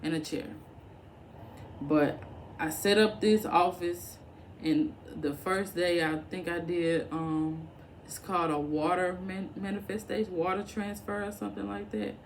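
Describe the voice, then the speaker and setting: A woman's voice: on the low side, steady tone, unhurried, a little hiss or hum. A young woman vlogger giving casual, encouraging advice straight to the camera, chatty and full of fillers. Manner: conversational, encouraging, colloquial with fillers.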